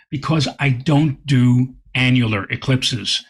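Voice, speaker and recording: A man, a guest astronomer, telling an animated anecdote in an interview and repeating words as he goes. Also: mid-range voice, normal speed, few pauses, husky.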